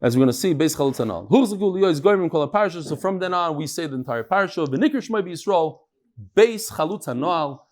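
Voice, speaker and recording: A man with a fairly high voice leads a daily Talmud lesson. He explains lightly and jokes often, dropping Hebrew and Aramaic terms into his English. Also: fairly quick. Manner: lively, joking, mixes in Hebrew and Aramaic terms. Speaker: Talmud teacher.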